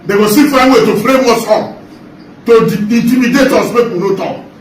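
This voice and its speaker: A man's voice: very high-pitched, normal speed. Man, Nigerian Pidgin accent, fiery and repetitive, roomy echo, faint background noise. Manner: impassioned, repetitive, denouncing. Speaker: protester. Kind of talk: street protest rant. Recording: echoey, from far off, faint noise.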